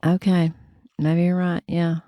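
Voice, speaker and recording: A woman co-hosting a casual sports podcast, chiming in with quick reactions, questions and playful teasing. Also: lowish voice, level tone, warm tone, dry recording, clean studio sound. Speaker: podcast co-host.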